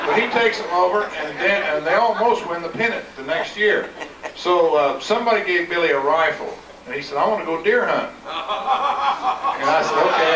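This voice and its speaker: An elderly man, a retired ballplayer, telling a folksy anecdote at a live event. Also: a little high. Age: older. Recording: echoey room, distant mic, faint noise.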